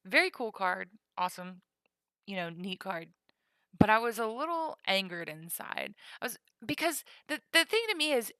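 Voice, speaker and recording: A woman's voice: medium pitch, bright, forceful tone, clear, resonant tone, dry recording. A woman streaming live, chatting playfully while she sorts and counts trading cards, dropping to a whisper to count. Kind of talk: casual live-stream chat.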